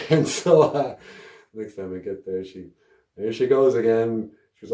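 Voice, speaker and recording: A man's voice: fairly low pitch, unhurried, dark tone, reverberant. A man hosting a language podcast, telling casual stories and laughing often as he goes. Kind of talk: casual storytelling lesson.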